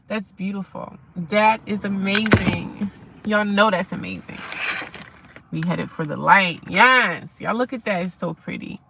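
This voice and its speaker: A woman's voice: lowish voice, expressive, unhurried, gravelly, a bit bright, a little hiss or hum. A woman, live-streaming outdoors at sunrise, chatting casually with her viewers and reading their comments aloud. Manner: chatty, talks to viewers and reads chat aloud.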